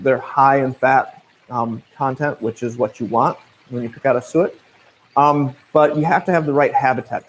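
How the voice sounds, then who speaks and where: A man in his thirties with a Midwestern US accent talks through viewer questions as a naturalist guide. His pitch is ordinary for a man, and his delivery is relaxed and conversational, with plenty of fillers and restarts. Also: low-quality recording. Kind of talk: casual livestream Q&A.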